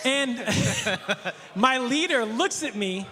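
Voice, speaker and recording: A male pastor telling a casual anecdote, animated, laughing often and acting out the quotes. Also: very high-pitched, big-room sound.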